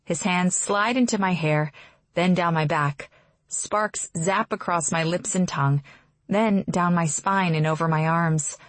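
A woman reading a first-person fantasy romance aloud with expressive, gently wry storytelling. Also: lowish voice, no room sound. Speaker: audiobook narrator.

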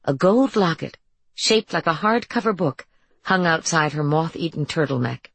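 Woman audiobook narrator, low, gravelly, measured. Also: lively intonation, no room sound. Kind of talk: scripted narration.

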